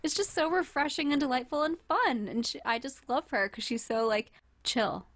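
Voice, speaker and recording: A woman's voice: sits high, normal speed, fairly bright tone. A woman co-hosting a podcast in casual chat, bubbly and enthusiastic, giggling often. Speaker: podcast co-host.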